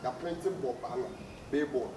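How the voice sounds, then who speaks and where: A man acting in a comedy skit, talking loudly, teasing and shouting out names. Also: medium pitch, a little fast. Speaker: comedy actor. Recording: echoey room with faint background noise.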